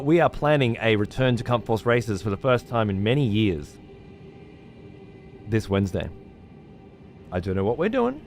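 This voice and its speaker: A man, chatting casually on a live stream as he reads out viewer messages, laid-back and swearing freely. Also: mid-range voice. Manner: laid-back, swears freely, uses slang like mate and cunt. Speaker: streamer reading chat.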